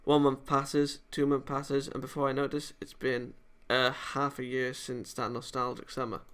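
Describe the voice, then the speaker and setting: A man reads the narration of a visual novel for his channel, now and then breaking into excited asides. His voice is bright and forward, with a smooth, crisp clarity. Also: mid-range voice, normal speed. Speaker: gaming channel host. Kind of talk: reading a visual novel aloud.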